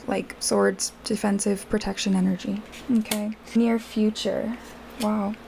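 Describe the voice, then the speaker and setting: A woman's voice: mid-range voice, vocal fry, warm tone, a little hiss or hum. A woman doing a casual tarot reading, chatting directly to her viewers with plenty of fillers. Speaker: tarot reader.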